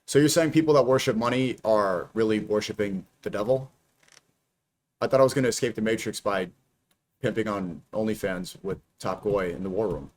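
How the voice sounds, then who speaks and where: A man hosting a casual reaction stream, animated and teasing, firing off quick questions. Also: on the low side. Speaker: streamer and host.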